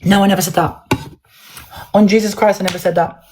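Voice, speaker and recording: A woman talks through a dispute on her livestream. She tells it with animated energy and acts out the other people's lines. Her voice sits at a middle pitch. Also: fairly quick, poor audio. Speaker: livestream host. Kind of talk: heated livestream chat.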